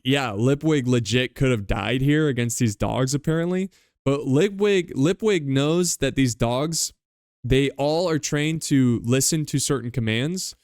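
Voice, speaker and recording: Man, podcast host, casual rambling book recap, smooth clear voice, dry close sound. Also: medium pitch, no echo. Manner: loose, rambling retelling with many fillers.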